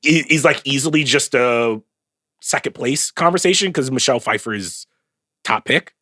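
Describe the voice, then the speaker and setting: A man co-hosting a casual podcast chat, talking in an animated, emphatic way and swearing casually. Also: medium pitch, normal speed. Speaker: podcast co-host.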